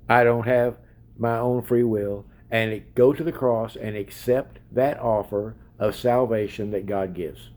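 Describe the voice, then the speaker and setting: A man's voice: medium pitch, darkish tone. A man preaching a sermon in an emphatic way, asking his listeners direct questions.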